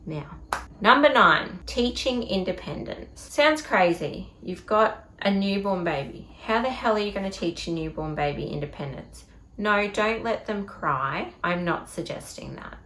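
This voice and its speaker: A woman's voice: medium pitch, expressive, a little slow, a bit bright. An Australian woman giving parenting tips in a casual advice vlog, talking in a direct, emphatic, chatty way. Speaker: parenting vlogger. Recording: echoey room.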